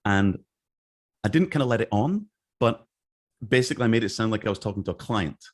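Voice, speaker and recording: Rambling middle-aged man, lowish voice. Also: animated, a little fast. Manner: rambling, restarts, acts out quoted dialogue. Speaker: interview guest, game artist. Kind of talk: casual storytelling interview.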